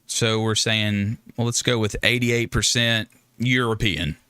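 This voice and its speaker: Male livestream host, lowish voice with a bright edge, rambling and jokey, dry close mic. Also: little pitch movement, unhurried, clean tone, no echo. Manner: rambling, joking, self-interrupting. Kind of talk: casual livestream chat with viewers.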